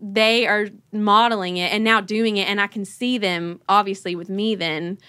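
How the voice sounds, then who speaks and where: Bright, animated mom telling stories. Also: female voice, mid-range voice, moderate pace, clear, resonant tone, no echo. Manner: animated, laughs often, acts out her kids' voices. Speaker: podcast host. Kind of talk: casual conversational storytelling.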